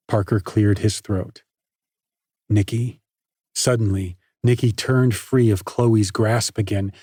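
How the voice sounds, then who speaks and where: A man narrating an audiobook in a measured, even storytelling manner on a studio microphone. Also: medium pitch, no echo. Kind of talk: scripted narration.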